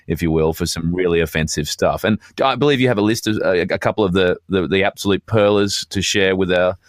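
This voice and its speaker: A very deep-voiced man co-hosts a casual chat on a dry, close recording. He talks in wordy, mock-formal asides. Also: fairly quick, no echo. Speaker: podcast co-host.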